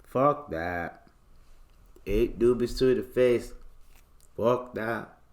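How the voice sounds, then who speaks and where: A young man with a Toronto accent, hosting a podcast, ranting in a casual, profane storytelling style with sudden loud outbursts. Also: mid-range voice, drawn-out words. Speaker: podcast host.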